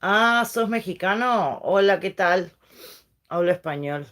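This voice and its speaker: A middle-aged woman from Uruguay, a Spanish speaker, chats casually on a livestream, rambling and switching between English and Spanish. Her voice is medium-pitched with a fairly bright tone, animated yet unhurried.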